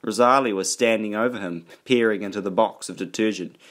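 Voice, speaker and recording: A man reading an audiobook aloud in a steady, even storytelling manner. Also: fairly low pitch, fairly quick. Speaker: audiobook narrator. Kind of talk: audiobook narration.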